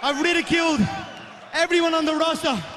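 A man with an Irish accent shouting a brash, taunting promo in a wrestling ring. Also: very high voice, a little fast. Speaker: fighter cutting a promo. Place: arena ring. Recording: archive clip with arena crowd and noise. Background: loud crowd.

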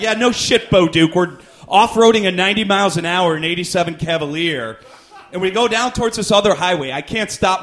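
Male stand-up comic, rambling self-deprecating storyteller, voice a bit high, club laughter around him. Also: a bit bright. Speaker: stand-up comedian.

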